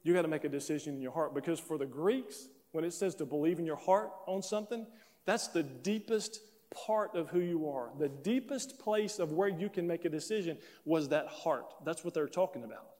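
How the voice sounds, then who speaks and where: A man preaching a sermon, telling a story and acting out both sides of a conversation in an animated way. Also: a little high, normal speed. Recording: long reverb of a large hall.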